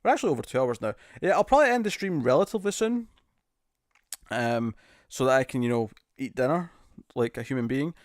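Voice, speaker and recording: A man's voice: medium pitch, expressive, a little fast, no echo, studio quality. A man with a British accent hosting a casual live stream, answering chat questions in a loose, jokey way and often laughing. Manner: laughing, jokey, attempts bad celebrity impressions. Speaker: streamer host.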